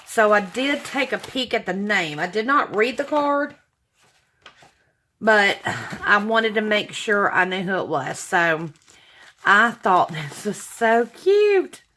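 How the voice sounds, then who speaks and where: A woman talks slowly to her viewers as she opens handmade gifts, gushing and sentimental and exclaiming often. Her voice sits mid-range, with a faint hiss behind it. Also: mid-range voice, big pitch swings, bright, forceful tone. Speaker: channel host opening viewer gifts. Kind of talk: casual unboxing chat to viewers.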